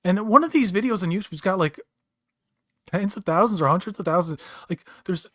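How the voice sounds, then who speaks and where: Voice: medium pitch, brisk, a bit bright, no echo. Ranting, profane podcast co-host, dry sound. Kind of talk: casual chat.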